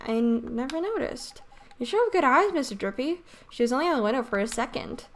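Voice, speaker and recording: A woman voicing a gentle, earnest young boy hero as she reads a game's dialogue aloud, speaking softly and a little hesitantly. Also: high-pitched, animated, brisk, a little hiss or hum. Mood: shy. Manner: soft, hesitant. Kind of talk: reading game dialogue aloud.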